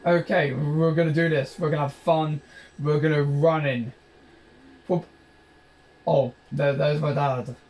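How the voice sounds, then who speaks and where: A man's voice: a little high, fairly even intonation, unhurried, pauses often, darkish tone. A British man giving rambling, jokey gameplay commentary, describing himself as a dull talker. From Britain. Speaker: gaming channel host.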